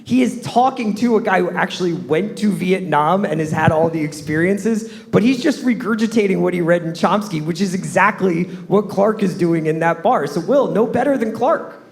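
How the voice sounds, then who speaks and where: A man's voice: high voice, expressive, moderate pace, vocal fry. A man on a live podcast panel, chatting casually and joking, making wry takes. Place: live stage in a concert venue.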